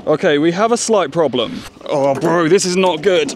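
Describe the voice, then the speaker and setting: Excitable young man vlogging outdoors. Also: a little high, normal speed. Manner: excitable, laughs often. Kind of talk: casual vlog chat. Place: outdoors at a park and skate park. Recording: noisy outdoor camera audio.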